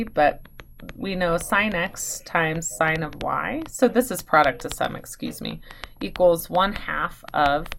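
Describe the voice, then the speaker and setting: Woman math teacher, low and creaky, eager and chatty, fixes her own mistakes mid-sentence. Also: slight background noise. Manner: enthusiastic, chatty, corrects herself aloud. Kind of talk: recorded online math lesson.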